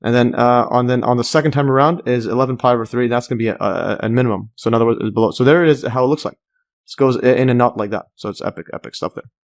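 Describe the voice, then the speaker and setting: A man's voice: mid-range voice, racing. A man explaining a math graph as he works, thinking aloud with many fillers, restarts and enthusiastic asides. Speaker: math tutor. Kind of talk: casual screen-recorded math walkthrough.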